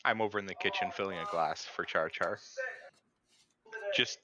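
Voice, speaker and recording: A man's voice: sits low, moderate pace. A man playing a tabletop role-playing game, describing his character's actions in a plain, matter-of-fact way. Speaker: player. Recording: dull lo-fi mic with chatter behind.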